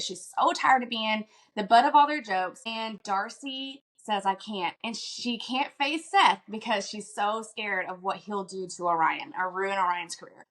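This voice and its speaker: A woman co-hosting a book podcast, casually retelling a novel's plot and quoting characters in a quick, lowered voice. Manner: lively storytelling, quick paraphrased quotes in a lowered voice. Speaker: podcast co-host.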